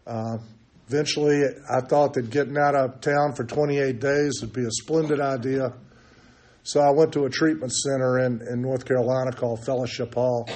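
A man's voice: mid-range voice, steady tone, moderate pace, darkish tone. An older man shares his recovery story at a meeting, candid and self-mocking. He tells it loosely, with plenty of ums and restarts. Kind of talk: personal recovery testimony.

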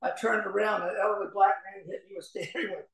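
A man's voice: high-pitched, steady tone, fast, gravelly, heavy background noise. An older man tells a personal story to an audience in a folksy, chatty way, laughing and dropping fillers as he goes. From Kentucky, USA. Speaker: recovery meeting speaker. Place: large meeting hall. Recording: echoey hall recording.

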